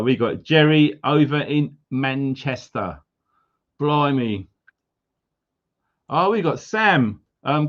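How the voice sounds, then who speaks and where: A middle-aged man from England hosting a casual livestream, chatty and upbeat as he greets viewers with jokey asides. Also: medium pitch. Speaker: livestream host. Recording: slightly dull lo-fi audio.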